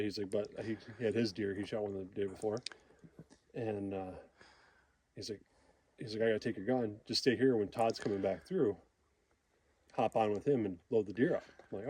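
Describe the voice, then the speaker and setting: A man outdoors in the woods telling a hunting story in a casual way. He is animated, acts out what people said, and chuckles as he goes. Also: lowish voice, a little hiss or hum. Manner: animated, quotes people with small voice changes, chuckles.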